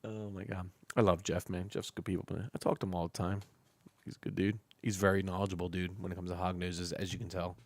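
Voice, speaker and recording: A low, gravelly male voice that swings up and down a lot as he chats. He's a live stream host talking loosely and laughing, with swearing thrown in. The sound is dry and close, with no room around it. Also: little pitch movement, quick pace, dry recording. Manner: loose, laughing, swears freely, talks to chat. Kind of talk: casual live stream chat.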